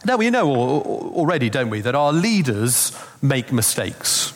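A man's voice: medium pitch, sing-song, a little slow. A man preaching a Christmas sermon, telling stories in a conversational way with asides. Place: church. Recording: long reverb of a church hall.

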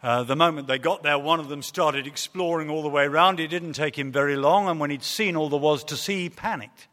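A man's voice: fairly high pitch, fairly quick, a bit bright. A man preaching a sermon, earnest and storytelling, with hesitant fillers in a reverberant church hall. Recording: long reverb of a large hall.

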